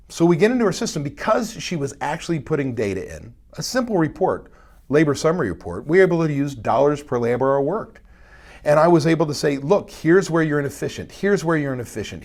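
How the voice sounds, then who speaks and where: A middle-aged man with a raspy, husky voice gives a motivational talk on a live stream. He is blunt and informal, repeats phrases for emphasis, and his pitch rises and falls freely. A gravelly fry sits under his words. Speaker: restaurant consultant hosting a live stream. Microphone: webcam or desk mic for a live stream.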